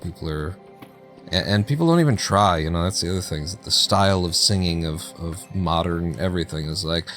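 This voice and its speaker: Low-voiced guy streaming a game, laid-back, laughing to himself, faint music behind. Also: animated, a little fast, a bit bright. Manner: chatty, laughing, talking to himself. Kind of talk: live gameplay commentary.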